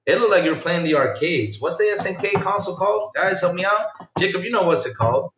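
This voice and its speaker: Guy telling gaming stories on a podcast, a bit high, roomy sound from off the mic. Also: quick pace, distant mic, background noise. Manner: animated storytelling, swinging from loud to quiet. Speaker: podcast host. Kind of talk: casual chat with a live chat audience. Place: home room.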